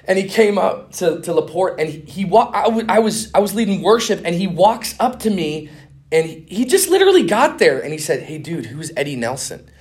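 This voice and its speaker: A middle-aged man teaches a conference session like a casual talk. He tells stories in a rush, dropping "man" and "dude" as he goes, his voice jumping from hushed asides up to excited highs. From Minnesota. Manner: animated, fast-talking, lots of "man" and "dude" slang. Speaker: speaker teaching a conference master class on evangelism.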